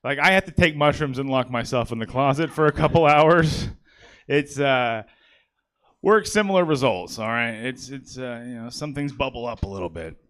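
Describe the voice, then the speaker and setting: A man's voice: medium pitch, lively intonation, normal speed, a bit bright. A man doing a stand-up set on a comedy stage, rambling and self-mocking, checking in with the crowd often. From California. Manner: rambling, self-mocking, frequent "all right?". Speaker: stand-up comic and emcee.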